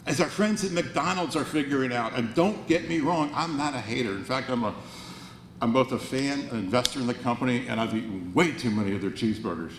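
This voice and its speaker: Speaking a little fast in a mid-range voice, a man in his sixties gives an earnest, wryly humorous motivational talk at a banquet in a roomy hall. He keeps restarting and repeating words, and a faint hum sits under everything.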